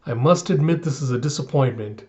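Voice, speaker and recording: A man's voice: mid-range voice, brisk, warm tone, lightly acted. Brief: eager young samurai adventurer, read by a man in his own voice, earnest, lo-fi.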